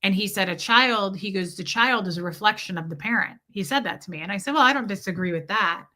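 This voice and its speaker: Bright-voiced woman telling a candid story. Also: mid-range voice, fast. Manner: candid, rambling retelling of a conversation. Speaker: vlogger. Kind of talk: casual storytelling to viewers.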